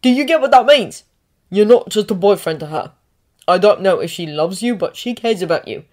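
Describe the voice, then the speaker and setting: A woman's voice: on the low side, normal speed, close to an everyday voice. A woman reading a fan story aloud while voicing a teenage boy wizard, a blunt and loyal friend, in an earnest, blurting way. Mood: earnest protective.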